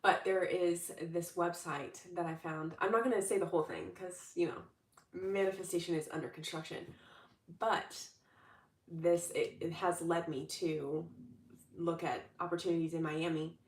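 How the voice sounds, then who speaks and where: A chatty, upbeat young woman with a fairly low voice, coaching her audience in a relaxed, rambling way. She sits some distance from the mic, so her voice carries a roomy echo. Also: normal speed. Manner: chatty, upbeat, many fillers and restarts. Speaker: manifestation coach. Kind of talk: casual livestream talk.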